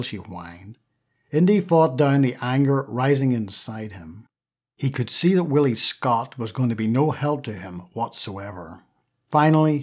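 A male audiobook narrator reads an adventure novel aloud with steady, lively storytelling. His voice is husky and breathy, neither high nor low. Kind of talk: scripted narration.

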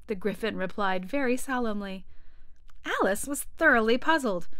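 A woman narrating a classic storybook aloud in an even, clear storytelling manner. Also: mid-range voice, normal speed, no echo, clean studio sound. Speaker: audiobook narrator.

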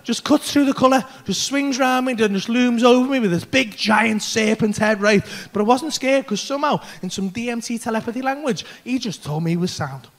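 A man doing stand-up comedy, telling a story in a loud, animated way, full of swearing. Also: very high-pitched, fairly quick, few pauses. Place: comedy club stage.

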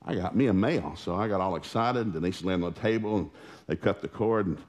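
A man preaching in a church, telling family stories in a folksy, animated way with acted-out quotes. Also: sits low, fast. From Oklahoma. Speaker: pastor. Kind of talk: storytelling sermon.

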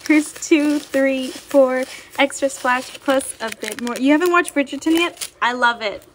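Young woman, high bright voice, bubbly livestream chatter, faint clicks behind. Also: measured pace, a little hiss or hum. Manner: bubbly, chatty, reads viewer comments aloud. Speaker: livestream seller. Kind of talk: casual livestream chat.

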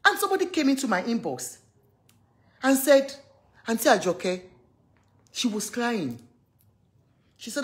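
Animated Nigerian woman gossiping. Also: on the high side, measured pace, pauses often. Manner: animated storytelling, acts out quoted voices; switches into pidgin and Yoruba phrases. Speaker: gossip vlogger. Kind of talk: casual gossip chat.

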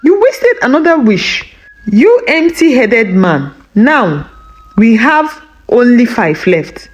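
A woman's voice: fairly high pitch, very animated, slow. A woman with a Nigerian accent voicing a vain, greedy village wife who screeches insults at her husband. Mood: furious.

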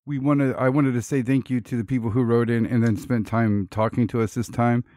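A man's voice: medium pitch, fairly even intonation, fairly quick, dark tone, no echo, studio quality. A man co-hosting a podcast, talking in an easygoing, rambling way and thanking listeners. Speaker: podcast co-host. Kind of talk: casual chat.

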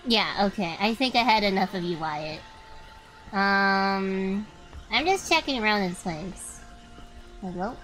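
A young woman streaming a game, chatting to her viewers with lots of swearing and sudden excited outbursts. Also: medium pitch, takes it slowly, pauses often, slight background noise, low-quality recording. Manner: excitable, swears freely, talks to chat. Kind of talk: live gameplay commentary.

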